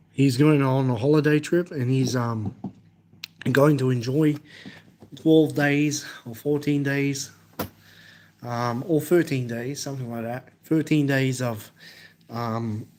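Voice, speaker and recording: A young Australian-accented man hangs out on a live stream, working through viewers' comments in a stop-start, repetitive fashion. He speaks in a mid-range voice with a darkish tone.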